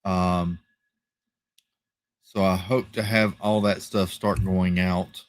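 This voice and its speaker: Low-voiced man hosting a chatty livestream. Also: slow pace, dry recording. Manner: relaxed, chatty, repeats thank-yous, frequent fillers. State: tired, yawning. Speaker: livestream host. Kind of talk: casual live chat reading viewer comments. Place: home, rural area.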